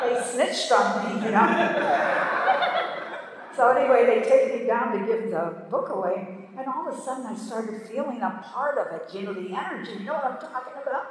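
An older woman in her eighties tells her story in a chatty, laughing way, sprinkling in "you know" and filler words. Her voice sits a bit high, and it's picked up from some distance in a large, echoey hall with long reverb. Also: moderate pace, crowd noise. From Pittsburgh, Pennsylvania. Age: 80s. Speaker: speaker sharing her recovery story. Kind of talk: casual storytelling talk.

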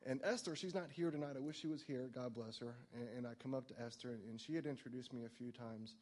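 A man's voice: mid-range voice, fast talker, darkish tone, big-room sound. A man telling his personal recovery story to a meeting, rambling and self-mocking, filling his talk with "like" and "you know". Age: adult, no longer young.

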